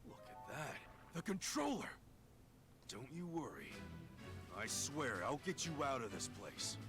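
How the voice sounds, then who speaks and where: A woman's voice: very deep voice, very animated, unhurried, pitched below the performer's own voice, full character voice. A woman voicing a small, earnest male mouse detective in a game, with a bouncy, sing-song delivery. Game music plays behind her. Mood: concerned. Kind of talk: let's-play voice acting over game dialogue.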